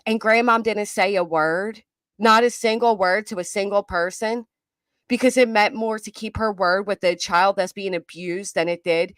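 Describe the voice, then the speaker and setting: A woman's voice: mid-range voice, no echo, clean studio sound. A woman doing live reaction commentary, chatty and reading viewer comments aloud. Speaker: commentary streamer.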